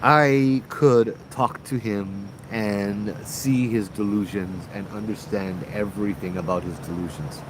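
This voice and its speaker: Chatty host with a Hawaiian accent. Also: male voice, fairly low pitch, a little slow, hardly any pauses, background noise. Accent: Hawaiian Pidgin. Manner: chatty, reads viewer comments aloud, frequent "right?". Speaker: paranormal show host. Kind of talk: casual livestream storytelling.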